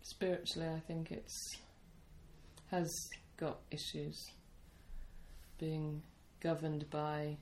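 A British woman as a podcast guest, soft-spoken and thoughtful, pausing often as she weighs her words. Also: deep voice, flat delivery, reverberant, a little hiss or hum. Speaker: interview guest. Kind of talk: casual interview chat.

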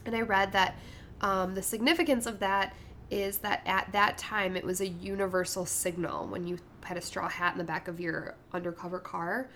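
Woman, podcast co-host, mid pitch, casual chatty talk, faint background hiss. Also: fairly even intonation, moderate pace, a bit bright. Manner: chatty, filler-laden, laughing asides. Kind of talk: casual movie podcast chat.

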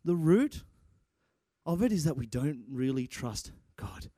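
Excitable young preacher, dry sound. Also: male voice, on the high side, measured pace, no echo. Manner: animated, excitable, with many restarts and rising shouts. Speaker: preacher and church guitarist. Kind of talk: sermon. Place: church.

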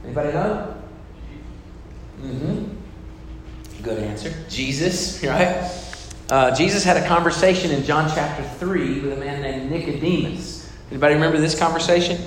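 Speaking with a somewhat high voice at a moderate pace, this pastor pauses often during his sermon, keeping it conversational and questioning the congregation. The recording carries an echoey hall's long reverb and faint room noise.

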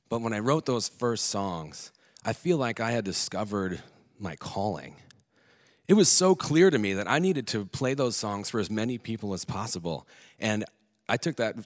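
A man telling his own story to an audience, candid and earnest, with casual swearing and some restarts. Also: lowish voice. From Alaska. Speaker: speaker telling a personal story on stage. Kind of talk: personal storytelling talk.

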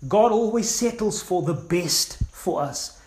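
Brief: male pastor preaching a fervent sermon, voice a touch high, echoey room. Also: animated, a little slow, darkish tone. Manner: reads scripture then preaches with fervent exhortation.

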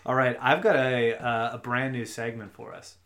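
A man's voice: mid-range voice, steady tone, moderate pace, a bit bright. Playful, self-deprecating male podcast co-host. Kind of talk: casual podcast chat.

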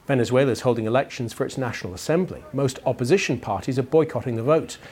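A man reading broadcast news headlines in a measured, formal delivery. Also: medium pitch, a little mellow. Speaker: newsreader.

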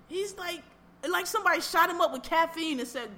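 A woman co-hosting a podcast, bluntly ranting in casual chat about a TV show, repeating herself and getting animated. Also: extremely high pitch, normal speed. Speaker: podcast co-host.

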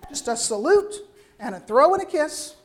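An older woman delivers a sermon with a voice that sits a little higher than most. She talks in a loose, conversational way and keeps pulling her listeners in with quick asides. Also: slight background noise. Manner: lively, conversational, frequent "right?" asides. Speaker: preacher.

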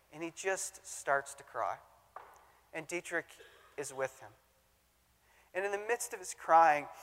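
A man and former youth pastor telling stories in a talk about theology, acting out the quotes with lively energy. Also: on the high side. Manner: animated storyteller, acts out quotes. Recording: long hall reverb.

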